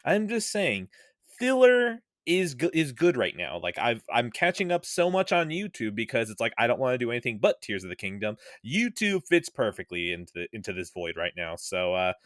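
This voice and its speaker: A man's voice: mid-range voice, very animated, moderate pace, no echo, clean studio sound. A man co-hosting a casual podcast, joking around with exaggerated bits and laughing easily. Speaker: podcast co-host. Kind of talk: casual chat.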